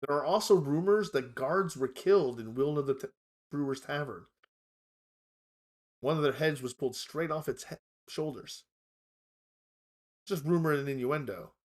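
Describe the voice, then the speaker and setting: Guy running a tabletop game, measured scene narration, asks for rolls. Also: on the high side. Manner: measured, descriptive, calls for dice rolls. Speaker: game master.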